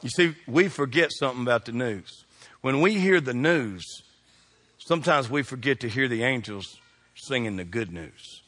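A middle-aged man, a pastor telling funny stories in a sermon, folksy and animated, shouting his punchlines. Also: mid-range voice, normal speed. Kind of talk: humorous sermon storytelling.

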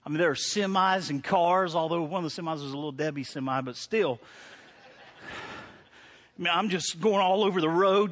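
Middle-aged male pastor, high-pitched, conversational sermon with loud preaching peaks. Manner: storytelling, swings from quiet to loud preaching.

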